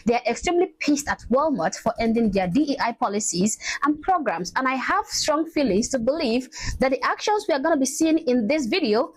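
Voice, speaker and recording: A woman giving indignant, lecturing commentary about a video she plays, often pausing on "okay?". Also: high-pitched, expressive, no room sound, poor audio. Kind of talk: reaction commentary on a played video.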